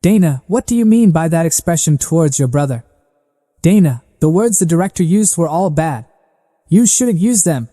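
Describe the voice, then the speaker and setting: A man voicing an earnest young girl who was once a spy, in a plain even reading. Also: on the high side, normal speed, big-room sound, voice pushed up.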